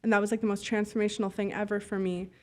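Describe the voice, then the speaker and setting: A woman telling stories in a casual interview, blunt and animated, swearing freely and filling her talk with "like". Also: medium pitch, racing. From Canada. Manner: fillers and acted-out dialogue. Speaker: podcast guest, business owner.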